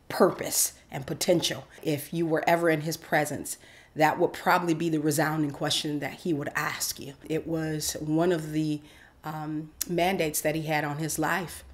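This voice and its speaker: A woman host telling a personal faith story in a casual, animated way with many fillers. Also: low-pitched. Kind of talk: personal testimony.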